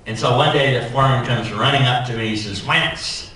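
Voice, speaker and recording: A man giving a keynote speech as a society president, telling a personal anecdote in an animated, humorous way. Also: mid-range voice, fast, slight background noise. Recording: echoey hall, voice from far off.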